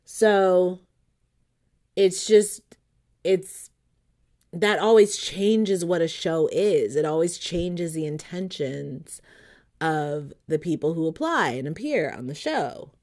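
A woman's voice: lowish voice, animated, slow pace, darkish tone. A woman hosting her podcast, rambling and swearing freely in a casual monologue. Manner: profane, rambling, chatty. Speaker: podcast host.

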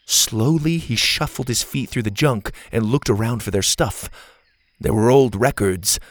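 A man narrating a children's adventure story in an expressive reading voice. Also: medium pitch, dry recording.

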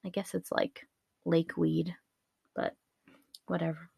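A woman's voice: on the low side, level tone, takes it slowly, gravelly, darkish tone, husky, no echo. A woman retelling a spooky comedic legend in a casual way, with wry asides and many fillers. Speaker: podcast storyteller.

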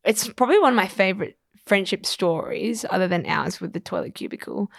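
A young woman, co-hosting a casual podcast chat and telling a long story with quick, laughing energy. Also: medium pitch, expressive, creaky, dry recording, clean studio sound. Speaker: podcast co-host.

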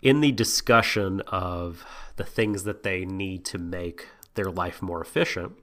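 A man's voice: low-pitched, unhurried, a bit bright. A man co-hosting a podcast, casually recapping an anime episode with frequent laughs and many ums. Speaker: podcast co-host.

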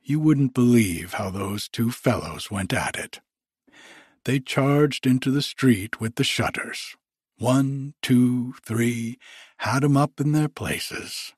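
Slow, husky man reading a story aloud. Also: medium pitch, no echo, clean studio sound. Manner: slow, measured delivery. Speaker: narrator.

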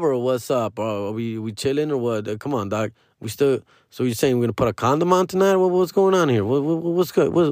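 A man's voice: fairly high pitch, no echo, studio quality. A man doing a casual comedic monologue, slangy and profane, tagging sentences with "fool" and "dog" and slipping into Spanish. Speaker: comedian and podcast host.

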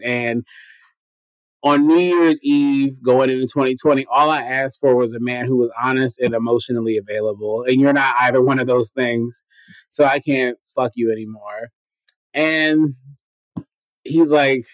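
A man telling a story on a casual podcast, profane and animated, acting out every quoted line of dialogue. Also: mid-range voice, a little slow, pauses often, no echo, rough recording.

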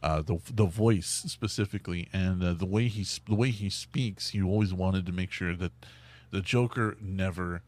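A man's voice: sits low, moderate pace, darkish tone. A man in casual chat who talks eagerly and restarts a lot, repeating words and using fillers.

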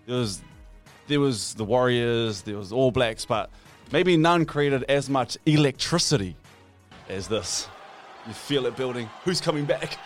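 A man with a New Zealand accent co-hosting a podcast in relaxed, slangy banter. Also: medium pitch, measured pace, soft background music. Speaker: podcast co-host. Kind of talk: casual chat.

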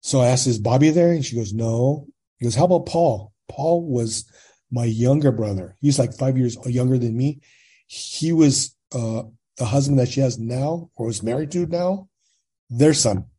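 A man in his sixties from California recounts his life as a guest, his voice mellow and slightly husky. He speaks at a middling pitch and brings past conversations back to life by acting out each side. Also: normal speed. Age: 60s. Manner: animated retelling, quotes dialogue, frequent tag questions. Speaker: podcast guest. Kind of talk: personal storytelling in conversation.

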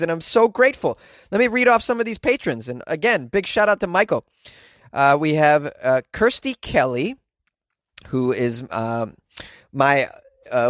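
A man's voice: high voice, fairly bright tone, dry recording, studio quality. A man hosting a podcast, reading news stories aloud and riffing on them with sarcastic, rambling asides and casual swearing. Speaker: podcast host.

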